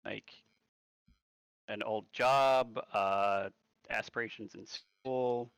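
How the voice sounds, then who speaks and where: A man's voice: fairly low pitch, fairly even intonation, drawn-out words, gravelly, fairly bright tone, smooth, no echo, poor audio. A man playing a tabletop game, joking and wandering into nerdy tangents. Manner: rambling, jokey, prone to nerdy tangents. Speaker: player. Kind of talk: casual chat around a tabletop game.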